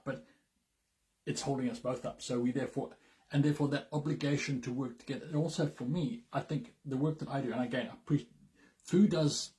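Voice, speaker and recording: A man's voice: mid-range voice, darkish tone. Zimbabwean guy chatting with his wife, mid voice, earnest, kinda dry humour. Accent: Zimbabwean English. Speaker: co-host, business partner. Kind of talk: casual chat.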